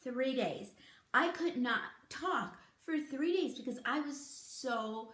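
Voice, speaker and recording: A beauty vlogger in her fifties tells stories casually to camera in a chatty, giggly, animated way. Her voice is high-pitched and slow, and the room sounds echoey.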